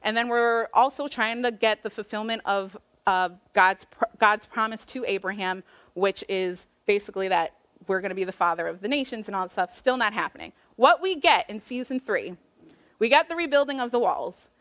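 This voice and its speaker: A woman's voice: mid-range voice, moderate pace, a bit bright. A woman preaching a casual sermon, retelling a Bible story in a chatty, slangy way and acting out the quoted lines with little voices.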